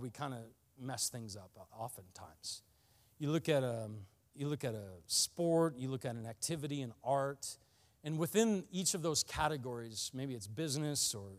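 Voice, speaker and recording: A pastor preaches a sermon on fasting, earnest and often rising to passionate emphasis, with frequent restarts. His voice is mid-range.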